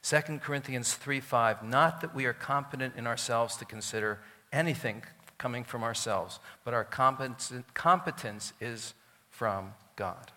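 Male pastor preaching emphatically, bright and forceful, long church reverb. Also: mid-range voice, moderate pace. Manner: emphatic, swings from loud declarations to quiet asides. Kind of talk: sermon.

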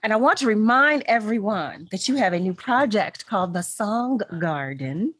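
A woman's voice: mid-range voice, animated, moderate pace, fairly bright tone, slightly rough. A woman hosting a casual interview, telling a self-mocking story in a chatty way. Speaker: interview host.

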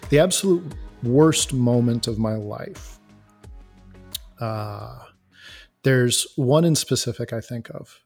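A man's voice: mid-range voice, slow pace, vocal fry, pauses often, a little mellow, soft background music. Man from Illinois, earnest interviewee, plain mid voice. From Illinois, USA. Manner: earnest, choked with emotion at times. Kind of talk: personal story in an interview.

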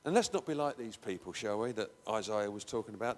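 A man's voice: lowish voice, expressive, quick pace, hardly any pauses. A man preaching a conversational sermon in a church, breaking into emphatic, raised bursts. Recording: long hall reverb.

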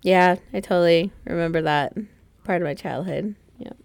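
A woman's voice: lowish voice, normal speed, a little mellow, no room sound. A woman co-hosting a podcast, chatty and giggly, filling her talk with "like". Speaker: podcast co-host. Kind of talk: casual chat.

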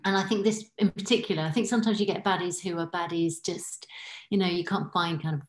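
Actress-impressionist, low voice, giggly chat, roomy echo. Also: female voice, fairly even intonation, quick pace, slight background noise. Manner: chatty, giggly, slips into impressions. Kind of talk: casual chat, podcast guest.

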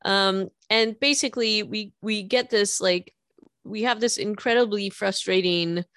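A woman's voice: medium pitch, a little slow, fairly bright tone, dry recording, clean studio sound. A woman co-hosting a podcast, recapping a TV episode in a chatty, incredulous way with plenty of fillers. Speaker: podcast co-host. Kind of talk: casual chat recapping a TV episode.

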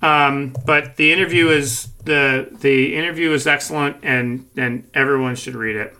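Man, podcast chat, sharp bright tone, hesitant, stumbling. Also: medium pitch, fairly even intonation, normal speed, clean tone. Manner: hesitant, stumbling over words. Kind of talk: casual chat.

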